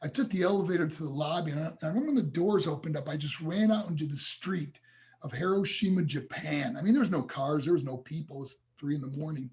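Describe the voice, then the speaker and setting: A man's voice: fairly high pitch, fast talker, darkish tone. A man talking as a podcast guest over a video call, telling a personal story earnestly and with feeling. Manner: earnest, emotional, addresses hosts as guys. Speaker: podcast guest, motivational speaker.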